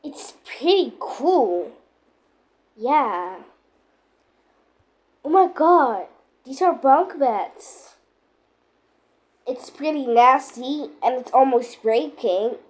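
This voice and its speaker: A woman narrating and voicing a playful game role-play in an excitable, dramatic way, full of exclamations. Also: sits high, extremely slow, pauses often.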